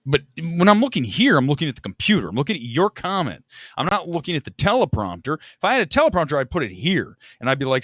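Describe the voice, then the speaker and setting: A man's voice: on the high side, huge pitch swings, fast talker, a bit bright, no echo, clean studio sound. A man hosting a live movie talk stream, rambling and joking at his own expense in casual chat on a desk microphone. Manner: rambling, joking and self-mocking.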